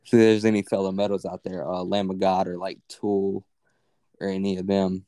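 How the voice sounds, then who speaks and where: A young man co-hosting a casual, unscripted podcast, his voice low and mellow. He rambles along with lots of fillers and offhand swearing. The sound is dry and close, with no room around it. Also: level tone, normal speed, dry recording. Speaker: podcast co-host.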